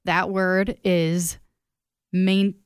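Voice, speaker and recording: Young woman radio co-host, smooth clear voice, dry studio sound, casual self-deprecating chat. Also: lowish voice, flat delivery, extremely slow, dry recording.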